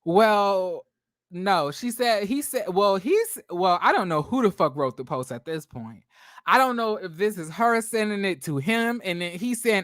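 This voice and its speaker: Give me an excitable male gossip host who swears and stumbles over restarts, recorded dry. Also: high voice, unhurried, no echo. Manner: animated, profane, stammering restarts. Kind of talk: celebrity gossip commentary.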